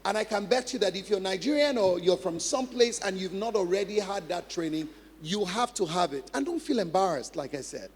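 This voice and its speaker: A man's voice: high-pitched, animated, brisk, few pauses, slightly rough. A male pastor giving a conversational teaching sermon, laughing often and repeating points for emphasis. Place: church hall. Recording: long church reverb, faint music.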